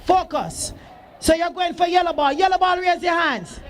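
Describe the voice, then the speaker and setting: Very high-voiced shouting Jamaican man. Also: moderate pace, slight background noise. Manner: shouting, sing-song, teasing the crowd. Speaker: event emcee. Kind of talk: loud hype announcing at a school sports day. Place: outdoor school sports field.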